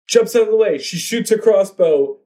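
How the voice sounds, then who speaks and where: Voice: medium pitch, animated, warm tone. A co-host improvising a comedic story aloud, narrating with frequent restarts as the plot is built. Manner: halting, restarts often, builds the plot aloud.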